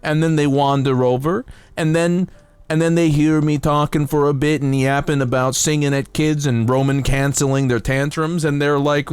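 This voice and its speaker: A man's voice: fairly even intonation, moderate pace, a little mellow, clean tone. A man streaming casually while building a model kit, rambling and joking, his throat dry. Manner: rambling, jokey, bursts into silly high voices and singing.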